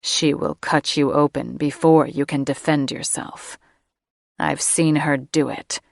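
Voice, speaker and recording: A woman reads a stern dragon shifter, a protective man whose words come low and measured. The tone is gravelly and unhurried, close and dry. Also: fairly even intonation, no room sound. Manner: low, firm and growling.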